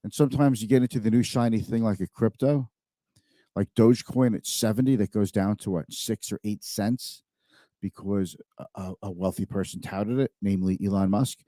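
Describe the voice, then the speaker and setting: A man's voice: fairly low pitch, steady tone, moderate pace, dark tone, dry recording, studio quality. A man hosting a live-streamed finance talk show, speaking conversationally and emphatically, often repeating words.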